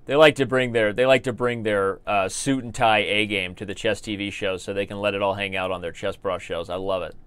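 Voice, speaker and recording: A man's voice: on the low side, fairly even intonation, a little fast, hardly any pauses, a bit bright, clear, resonant tone, no echo. An American man commentating his live online chess games, joking and rambling as he talks to viewers in the chat. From United States.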